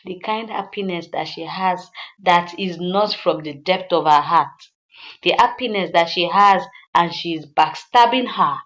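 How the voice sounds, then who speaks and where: A woman's voice: lowish voice, measured pace, a bit bright. A woman narrating a film recap in a chatty way, repeating lines and addressing listeners directly, in a slightly dull lo-fi recording.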